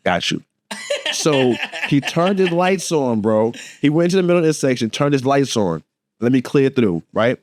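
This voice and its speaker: A man's voice: medium pitch, dry recording. Guy on a podcast telling a wild story, laughs a lot, does the voices, dry mic. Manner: animated, laughing, acts out voices in his story. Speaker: podcast co-host. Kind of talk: casual storytelling chat.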